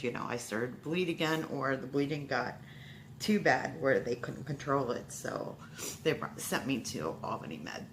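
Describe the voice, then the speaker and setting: A low-pitched woman in her forties tells a personal story, full of pauses, restarts and fillers. She sounds emotional and halting throughout. Faint room ambience hums in the background. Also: a bit bright, slight background noise. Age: 40s. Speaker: heart attack survivor telling her story.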